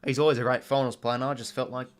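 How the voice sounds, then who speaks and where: A man's voice: medium pitch, little pitch movement, racing. A young Australian man hosting a live watch-along stream, chatting casually, full of fillers and greeting viewers from chat.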